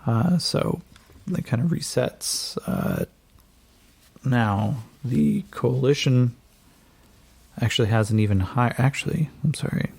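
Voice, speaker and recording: A man narrating a tabletop game as game master, in a gravelly, husky voice. His tone is dark and mellow, and he rambles along, often pausing on fillers and correcting himself. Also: mid-range voice. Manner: relaxed, rambling, with many fillers and self-corrections.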